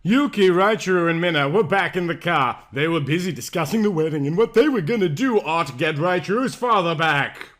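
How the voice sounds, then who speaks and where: Young man, podcast host, mock-dramatic fan-fiction reading, lively swooping pitch, slightly high voice. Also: moderate pace, few pauses.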